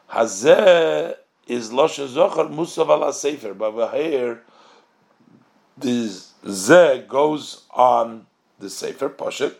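Speaking at medium pitch with noticeable vocal fry, a man teaches a Torah study session. Line by line, he reads brief Hebrew phrases and translates them, asking his own questions and answering them.

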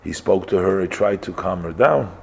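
A man telling a story in a religious lesson, halting, with frequent pauses and self-corrections. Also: low voice, creaky, a little mellow, slight background noise. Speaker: religious teacher.

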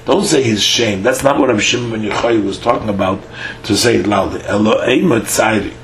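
A man's voice: on the low side, a little hiss or hum. Man teaching a Talmud page in an echoey room. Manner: reads Hebrew-Aramaic phrases, then translates them; halting, with frequent "uh" fillers. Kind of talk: daily Talmud page lesson.

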